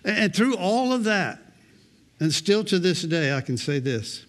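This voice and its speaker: Storytelling pastor with dry humor. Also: male voice, high-pitched, big pitch swings, unhurried. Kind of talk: sermon.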